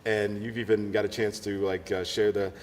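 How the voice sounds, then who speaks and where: Low-voiced man interviewer. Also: little pitch movement, darkish tone, in a large hall, a little hiss or hum. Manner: halting questions with fillers. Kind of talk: casual interview questions.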